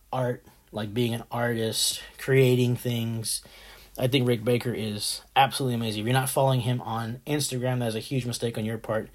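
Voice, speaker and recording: Enthusiastic male host, slightly low voice, rambling casual delivery. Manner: enthusiastic, rambling, many fillers and restarts. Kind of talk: casual movie talk.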